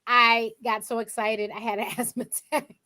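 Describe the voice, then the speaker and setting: A woman's voice: on the high side, normal speed. A young woman guest and author, telling stories animatedly in a casual interview and acting out what others said. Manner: animated storyteller, acts out quotes.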